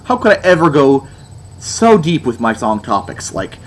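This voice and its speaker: A man's voice: medium pitch, big pitch swings, moderate pace, a little hiss or hum. A young man giving a sarcastic, exasperated album review, mocking as he goes.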